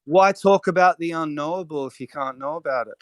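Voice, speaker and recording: A man's voice: a little high, brisk, clean tone. Sarcastic needling man in a debate. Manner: sarcastic, needling, repeats questions. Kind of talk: heated live debate.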